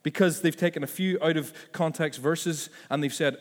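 A man's voice: on the high side, fairly even intonation, moderate pace, few pauses, long reverb tail. A man preaching a sermon as pastor, conversational and full of asides and self-corrections.

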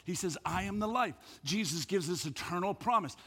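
A man's voice: high voice, lively intonation, brisk, fairly bright tone, slightly rough. A man preaching a sermon as pastor, emphatic, often repeating words as he builds a point. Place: church hall. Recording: echoey hall.

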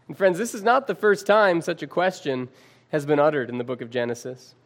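A male preacher giving a sermon, reading scripture aloud with dramatic pauses and calling his listeners friends. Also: on the high side, fairly even intonation.

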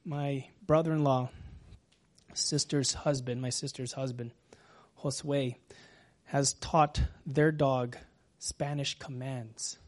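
A man preaching a sermon as pastor, talking gently and sometimes dropping to a whisper. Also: medium pitch, fairly even intonation. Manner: slow, gentle, drops to a whisper at times.

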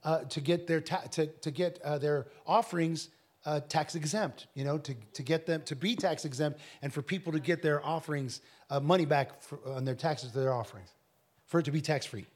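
A man ministering at a church Q&A, telling a personal testimony with frequent restarts and bursts of shouted scripture. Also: a little high, normal speed. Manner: animated, rising to shouted scripture with audience call-outs; repeats and restarts words often.

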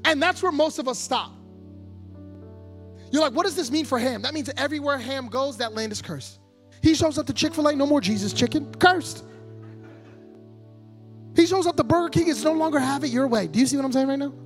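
A man's voice: very high-pitched, brisk, pauses often, faint music behind. Fiery joking preacher man. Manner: impassioned preaching, swinging between quiet storytelling and loud shouting; playful, jokey asides. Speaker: guest preacher. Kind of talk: sermon.

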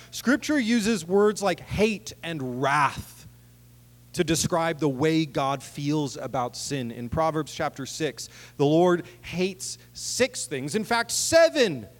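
A man preaching a sermon in a conversational way, acting out quotes with humor. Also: fairly high pitch. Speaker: pastor. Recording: long hall reverb.

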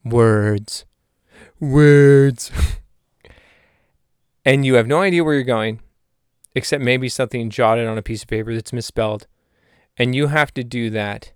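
Male podcast host, rambling comedic monologue, deadpan, smooth clear voice, dry close mic. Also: medium pitch, moderate pace, no room sound. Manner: deadpan, digressive, self-mocking.

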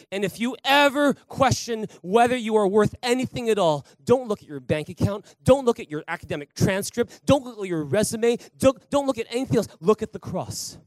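A man's voice: high-pitched, lively intonation, moderate pace, hardly any pauses, no room sound. A male pastor preaching at a church service, emphatic, calling out to the congregation for applause and responses. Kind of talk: sermon.

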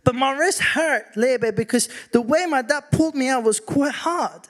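A man preaching a sermon, telling a personal story with animated acted-out quotes. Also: extremely high pitch, normal speed.

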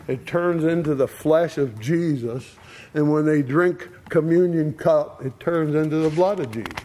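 A man preaching a sermon, slow and deliberate, with long pauses between short phrases. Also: on the high side.

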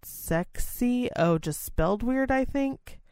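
A woman co-hosting a casual podcast, crude and giggly, reading out a list in a flat drawl between bursts of banter. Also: a little high, takes it slowly, dry recording, studio quality. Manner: crude, giggly, reads lists flatly. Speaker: podcast co-host.

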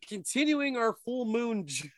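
High bright guy cohosting a comedy movie podcast, super animated and jokey, bounces all over. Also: measured pace. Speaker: podcast co-host. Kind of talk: comedic casual chat.

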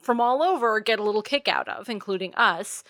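A woman's voice: mid-range voice, expressive, a little fast, fairly bright tone, no echo, studio quality. A woman from New England co-hosting a podcast, chatting enthusiastically about a movie. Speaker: podcast co-host. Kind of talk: casual movie discussion chat.

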